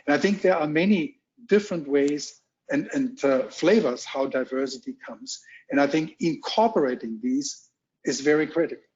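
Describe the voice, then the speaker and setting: A middle-aged man from Germany with a strong German accent, giving a keynote at a virtual roundtable in a halting, measured way with many ums, heard over muffled video call audio. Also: a little high, darkish tone. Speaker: corporate executive keynote speaker. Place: home or office on a video call. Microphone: video call mic.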